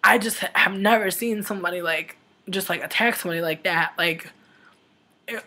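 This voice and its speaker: Slightly low-voiced young woman rambling. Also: fairly quick, bright, forceful tone. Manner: rambling, heavy on "like" fillers and swearing; emotional retelling, upset. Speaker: vlogger. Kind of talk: casual storytime monologue.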